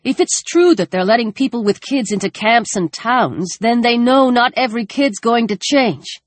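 A man's voice: extremely high pitch, expressive, normal speed, no echo, pitched above the performer's own voice. A woman voicing a desperate male soldier, pleading urgently with a raised voice.

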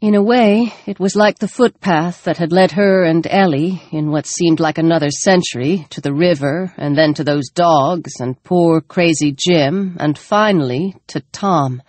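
A woman narrating an audiobook, expressive, her voice rising in the tense action scenes. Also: deep voice, a little slow, few pauses, dry recording. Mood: calm. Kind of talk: scripted narration.

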